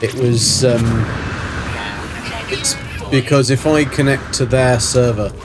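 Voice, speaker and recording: A man's voice: medium pitch, fairly even intonation, slow pace, music in the background. A man from Germany hosting a livestream, chatting casually as he plays, rambling and swearing playfully. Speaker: livestream host. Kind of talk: casual gaming commentary.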